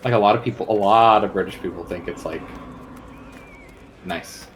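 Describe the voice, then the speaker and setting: A man's voice: on the low side, normal speed, slight background noise. A man with a General American accent co-hosting a game stream, chatting casually in a dry, opinionated way. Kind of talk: casual chat.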